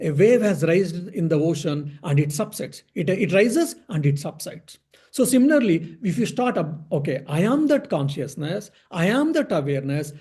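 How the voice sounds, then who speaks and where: A man's voice: a little high, dark tone. A man, a monk, giving a spiritual discourse on Vedanta, explaining patiently, asking and answering his own questions and repeating key phrases.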